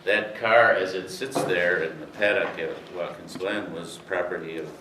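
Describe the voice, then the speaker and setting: Deep-voiced older man telling stories. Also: fairly even intonation, normal speed. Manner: rambling anecdotal, many fillers. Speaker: speaker telling racing history. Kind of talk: storytelling talk to an audience. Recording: roomy, distant, faint hiss.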